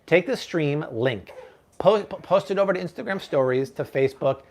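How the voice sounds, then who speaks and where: A man's voice: on the high side, expressive, normal speed, a little mellow. A man hosting a live-stream cooking show from his home kitchen, chatting playfully and joking with his viewers. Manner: playful, jokey, puts on mock accents.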